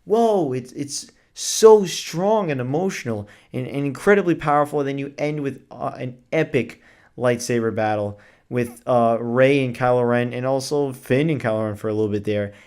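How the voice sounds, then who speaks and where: A man's voice: medium pitch, normal speed, a little mellow, clear, resonant tone. A man reviewing a film on his vlog, gushing and enthusiastic, with lots of casual filler words and the odd swear word. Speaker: movie reviewer.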